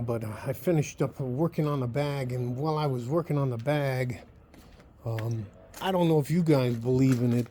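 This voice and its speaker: A man's voice: mid-range voice, dark tone, a little hiss or hum. A man vlogging in his home garage, talking in a rambling, profane, worked-up way. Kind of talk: casual vlog monologue.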